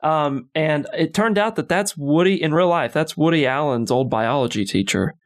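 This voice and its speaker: A man co-hosting a podcast, chatting casually about a film, relaxed and analytical, swearing now and then. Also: on the high side, normal speed. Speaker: podcast co-host. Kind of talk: casual movie commentary chat.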